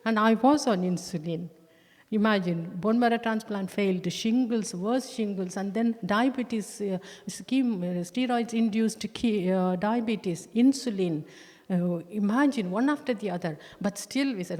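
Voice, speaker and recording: A woman giving a personal testimony in church, talking earnestly and haltingly, with many restarts and with slow stress on key words. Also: mid-range voice, a little mellow. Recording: long church-hall reverb.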